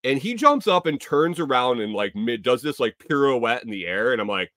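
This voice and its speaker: Podcast guy rambling thru a story, swears a lot, normal pitch, dead dry sound. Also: sing-song, moderate pace, hardly any pauses, dry recording. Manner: profane, rambling, rising to loud exclaims. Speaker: podcast host. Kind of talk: casual storytelling monologue.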